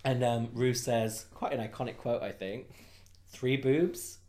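A man's voice: medium pitch, fairly even intonation, mellow, slight background noise. A man with a West Yorkshire accent co-hosting a podcast, chatting casually and gossiping through a show recap. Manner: chatty, gossipy, quick asides. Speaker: podcast co-host.

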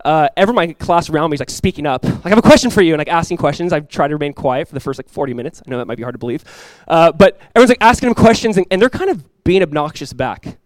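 Fast-talking young pastor. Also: male voice, a little high, no room sound. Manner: animated storytelling, conversational with many asides. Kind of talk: sermon.

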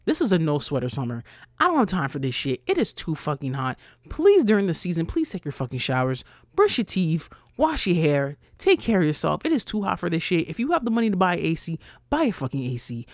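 A young woman from New ranting bluntly as a podcast host, swearing freely and her voice jumping loud and high when she gets riled. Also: wildly swooping pitch, a little fast, dry recording, clean studio sound. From New York, USA. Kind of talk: casual ranting monologue.

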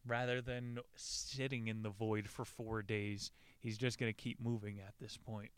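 A man's voice: lowish voice, flat delivery, measured pace, clean tone, no room sound. A man casually retelling a survival story, joking and swearing freely as he reads passages aloud. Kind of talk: casual retelling with quoted readings.

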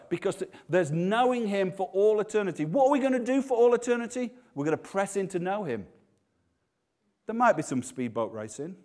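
A man preaching a sermon, animated, swinging from loud exclamations to hushed tones. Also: high-pitched.

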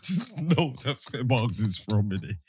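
A man's voice: medium pitch, big pitch swings, measured pace, darkish tone, breathy edge, no room sound. A young man, teasing his friends insistently in slangy casual banter.

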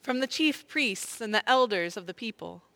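A woman reading scripture aloud, clear and earnest, in a group reading. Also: mid-range voice, animated, normal speed, fairly bright tone. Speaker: scripture reader.

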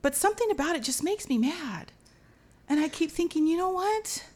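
A woman from Los Angeles telling a personal story as a lively, dramatic monologue, mixing in Spanish slang. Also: sits high, a little fast. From Los Angeles, USA.

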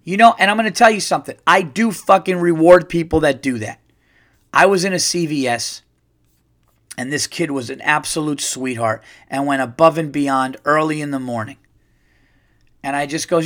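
A middle-aged man hosting a podcast, telling a comedic story in a profane, animated rant and acting out the quotes. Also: fairly high pitch, moderate pace. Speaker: podcast host. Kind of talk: ranting comedic monologue.

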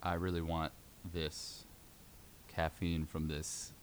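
A man's voice: extremely low pitch, little pitch movement, slow pace, slight background noise. A young man as a podcast guest, laid-back with a dry sense of humor. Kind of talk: casual podcast chat.

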